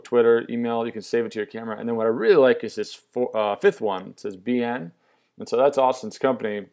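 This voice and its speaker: A man's voice: fairly low pitch, darkish tone. Upbeat man demoing an app. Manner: upbeat, enthusiastic, lots of fillers and restarts. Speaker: app demo presenter. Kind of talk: casual product demo walkthrough.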